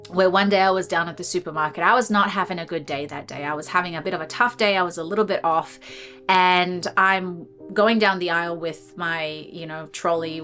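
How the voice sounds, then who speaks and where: A woman hosting a meditation channel, telling a personal story in a casual, animated way and laughing often. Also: on the low side. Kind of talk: casual spiritual talk to camera.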